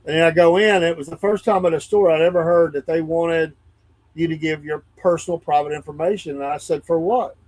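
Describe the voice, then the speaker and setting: An older man in casual chat, telling stories animatedly and getting louder and higher when riled. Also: steady tone, a little fast, poor audio. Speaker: co-host.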